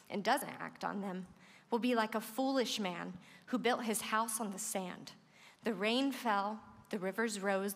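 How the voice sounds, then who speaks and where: A woman's voice: medium pitch, fairly bright tone. A woman giving an earnest, emphatic sermon at a large gathering, moved close to tears and repeating phrases for emphasis. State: tearful, moved. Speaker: speaker. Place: large event hall. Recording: long hall reverb.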